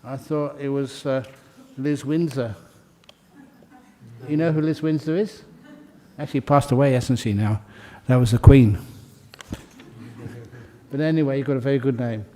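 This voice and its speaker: Speaking at a medium pitch in a steady tone, a man reads names aloud during a ceremony in a meditation hall. He welcomes each new member in an unhurried, friendly, chatty way and laughs in the gaps between names.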